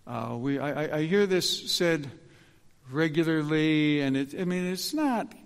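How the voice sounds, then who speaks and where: Animated preacher with a gravelly edge. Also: male voice, a little high, unhurried, long reverb tail. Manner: animated, emphatic preaching with frequent restarts. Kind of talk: sermon.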